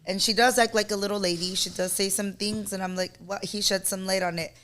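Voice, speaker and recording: A woman co-hosting a podcast, telling stories in fast, animated casual chat full of "like". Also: mid-range voice. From San Diego area. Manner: fast, animated storytelling with lots of "like". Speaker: podcast co-host.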